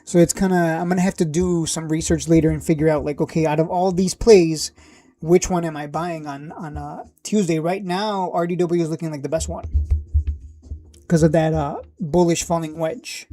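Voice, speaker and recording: Rambling low-voiced woman streaming stock picks. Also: fairly even intonation, moderate pace, mellow, faint music behind. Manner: rambling, thinking aloud with fillers and blunt asides. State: losing her voice. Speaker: stock livestream host. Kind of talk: casual live-stream chat.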